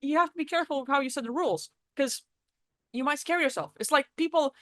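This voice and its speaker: A woman's voice: high voice, lively intonation, brisk, fairly bright tone, no echo. A woman giving a casual, blunt spoken talk on spiritual practice, swearing freely as she explains. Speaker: spiritual vlogger. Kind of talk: casual teaching monologue.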